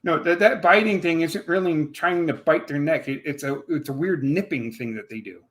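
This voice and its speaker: A man from Puerto Rico with a fairly high voice trades profane, teasing banter in a casual conversation. He laughs easily and pushes his points with rough humor. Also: normal speed, a bit bright. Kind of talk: casual chat.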